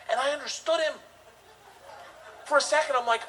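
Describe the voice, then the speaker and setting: A male stand-up comedian telling a wild story on stage, loud and rowdy, laughing as he talks. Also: very high voice, moderate pace, pauses often, crowd noise, background noise.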